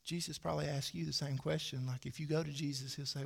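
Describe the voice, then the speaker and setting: A man's voice: on the high side, fairly even intonation, fast talker, gravelly, hardly any pauses, husky. A man, preaching a sermon to his church in a folksy, conversational way with dry asides. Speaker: pastor. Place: church sanctuary. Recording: hall with long reverb.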